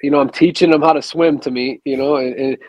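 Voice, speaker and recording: A man's voice: mid-range voice, fast talker, dry recording. Dry, laid-back male podcast host. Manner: relaxed, reflective, profane. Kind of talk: casual conversation.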